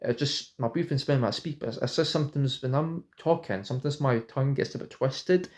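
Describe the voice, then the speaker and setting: A man vlogging to camera in a casual, halting way, often stopping and repeating his words. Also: mid-range voice, darkish tone.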